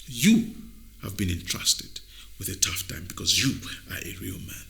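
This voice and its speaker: A man hosting a motivational video, speaking emphatically like a preacher, dropping to near-whispers and then rising loud. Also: lowish voice, big pitch swings, unhurried, creaky. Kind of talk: motivational talk.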